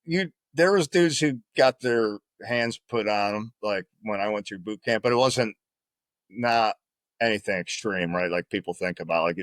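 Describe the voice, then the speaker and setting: A man's voice: lowish voice, a bit bright, no echo. A man, a former Marine guest on a podcast, telling stories in a casual, profane, rambling way, often tagging his lines with "right?". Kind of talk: casual storytelling in conversation.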